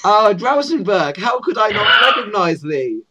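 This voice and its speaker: A man's voice: high-pitched, very animated, a little slow, highs cut off, very noisy, voice pushed up. Man putting on a stammering goblin guard. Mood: pompous. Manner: mock-archaic, stammering and formal. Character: stiff, fumbling male goblin guard.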